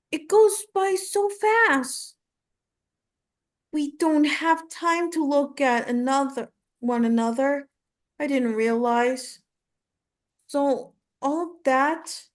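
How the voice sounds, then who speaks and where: A grieving young woman's ghost pleads softly with her mother, as a woman acts her out. The voice sits high and bright, and the lines come slowly with long, aching pauses. It is a dramatic monologue reading, tender and wistful throughout. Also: full character voice. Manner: tender, pleading, halting delivery.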